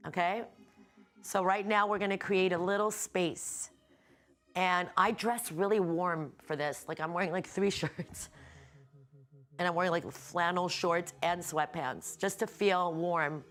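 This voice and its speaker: A woman healer and yoga instructor leading a casual guided meditation class from a hotel room, talking in a relaxed, rambling and candid way with the odd swear word. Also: lowish voice, measured pace.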